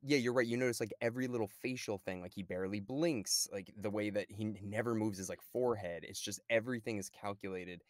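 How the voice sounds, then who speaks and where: A man's voice: lowish voice, quick pace, few pauses, dry recording, studio quality. A young man, a guest on a podcast, chatting casually about a film and acting out quoted lines as he goes. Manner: animated, acts out quoted lines.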